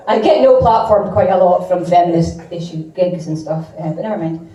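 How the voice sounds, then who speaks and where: A woman with an Aberdeen Scottish accent rambles through improvised stand-up, swearing freely and joking at her own expense. Her voice is warm and mellow. It is caught from a distance in a roomy, echoing club. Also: fairly low pitch, steady tone, brisk, few pauses, highs cut off. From Aberdeen, Scotland. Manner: rambling, sweary, self-deprecating. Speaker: stand-up comedian. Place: comedy club stage.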